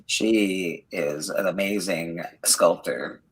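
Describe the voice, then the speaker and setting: A man with a husky, somewhat low voice talks on a casual livestream panel. He speaks emphatically and laughs as he makes his points. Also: takes it slowly, low-quality recording. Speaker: panel co-host.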